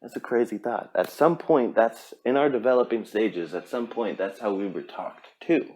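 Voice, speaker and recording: A man's voice: lowish voice, moderate pace, a little mellow. A man hosting a podcast, giving a blunt, profane pep talk in a casual monologue. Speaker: podcast host.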